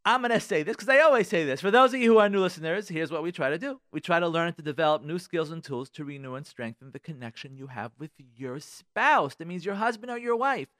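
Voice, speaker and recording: A man hosting a radio talk show as a rabbi, talking in an animated, repetitive way that keeps restarting sentences, in a studio. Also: fairly high pitch, fast talker, few pauses, no echo.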